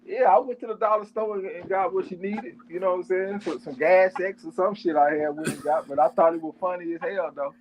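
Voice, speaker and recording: A man talking bluntly and profanely in relaxed, casual chat. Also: sits high, a little fast, hardly any pauses, slight background noise, low-quality recording. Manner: blunt, profane, laid-back.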